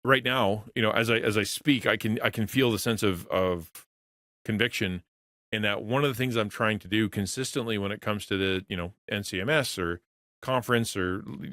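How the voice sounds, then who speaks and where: A man's voice: fairly low pitch, fairly bright tone, no room sound, studio quality. A middle-aged man in a casual livestream, talking earnestly to his chat, rambling with many restarts and repeated words. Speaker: streamer and pastor to creators.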